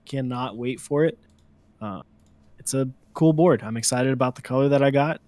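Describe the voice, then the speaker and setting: A man co-hosting an online show, chatting casually with halting enthusiasm. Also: medium pitch, a little mellow, no room sound. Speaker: podcast co-host. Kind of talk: casual chat.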